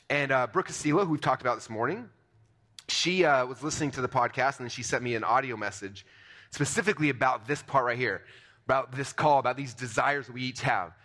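Fast, bright-voiced male seminar speaker. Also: mid-range voice. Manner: energetic, conversational, many fillers and restarts. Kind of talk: motivational seminar talk to a live audience.

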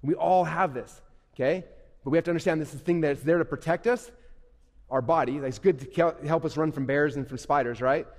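Man, middle-aged, youth event speaker, animated, fast-paced, long hall reverb. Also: on the high side. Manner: animated, acts out inner voices, asks the audience questions. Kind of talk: energetic stage talk to kids. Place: large hall on stage.

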